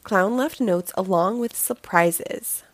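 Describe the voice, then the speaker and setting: A woman reading a children's picture book aloud, telling the story in a slow, expressive way. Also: medium pitch, no echo.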